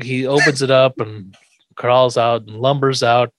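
A man's voice: medium pitch, unhurried, no room sound. A man casually recapping a sitcom episode on a podcast, acting out the characters' lines as he goes. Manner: animated retelling, acting out quoted lines. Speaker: podcast host.

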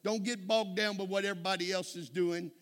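A man preaching a sermon in a church, building to shouted climaxes and calling people to the altar. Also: sits high, steady tone, fairly quick. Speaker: pastor. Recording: music behind the voice. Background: music playing.

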